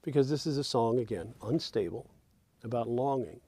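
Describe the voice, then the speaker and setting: A man teaching songwriting, thinking aloud as he drafts lyrics and quietly hums and sings the lines he is trying out. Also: medium pitch, moderate pace, husky, no echo, clean studio sound.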